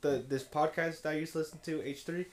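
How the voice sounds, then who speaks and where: A man's voice: on the high side, steady tone, fast. A young man co-hosting a podcast, telling stories in a casual, profane, rambling way with many restarts. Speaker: podcast co-host. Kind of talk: casual chat.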